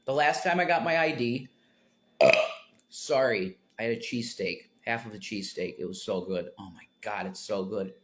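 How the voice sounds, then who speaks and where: A man's voice: mid-range voice, a bit bright. A man talking to viewers on his livestream in a rambling, tangent-prone way, breaking into emphatic outbursts.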